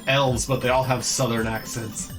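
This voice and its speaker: A man's voice: mid-range voice, flat delivery, moderate pace, loud music behind the voice. A man joining a stream, chatting casually and joking around. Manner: joking, playful. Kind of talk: casual chat.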